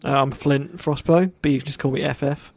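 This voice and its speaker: A man chatting casually as a player in a tabletop fantasy game. His voice is slightly high, and he comes across playful and relaxed. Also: brisk, dry recording. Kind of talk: tabletop role-play chat.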